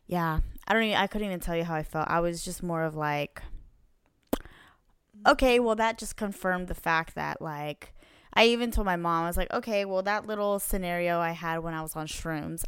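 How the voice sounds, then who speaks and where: Low smooth-voiced woman telling a story. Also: no echo, studio quality. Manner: animated, swears freely, plays out quoted dialogue. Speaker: podcast co-host. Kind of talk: casual podcast storytelling.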